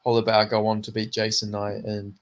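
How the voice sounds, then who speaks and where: A man's voice: on the low side, completely flat delivery, a little fast, a little hiss or hum. Sweary, laid-back male podcast co-host. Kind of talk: casual chat about fights.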